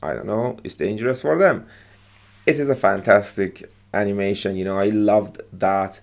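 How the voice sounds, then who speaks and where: Man, English teacher, gravelly voice, patient explaining, repeats phrases. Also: on the low side, normal speed. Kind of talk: explaining movie lines to learners.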